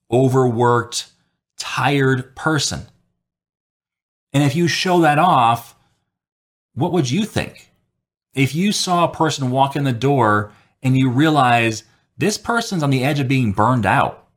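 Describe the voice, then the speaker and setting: A man who works as a software developer, giving casual, conversational advice on technical interviews, rambling a little and acting out quotes. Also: medium pitch.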